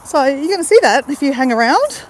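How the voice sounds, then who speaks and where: A woman's voice: high-pitched, big pitch swings, a little hiss or hum. Bubbly Australian woman chatting on a walk. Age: middle-aged. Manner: chatty, greets viewers, quick to laugh. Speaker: vlogger livestreaming a walk. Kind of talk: casual live-stream chat. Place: outdoors on a waterside path. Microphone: phone held while walking.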